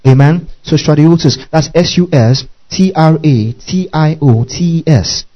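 A man's voice: a little high, unhurried, dull audio. A man preaching a sermon, spelling out words letter by letter and calling on his listeners to repeat after him. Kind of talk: sermon teaching.

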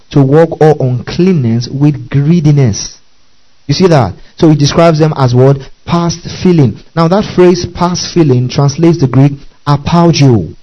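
A man's voice: mid-range voice, dull audio. A man preaching a Bible-study sermon, repeating key words, spelling out Greek terms and often checking in with his listeners.

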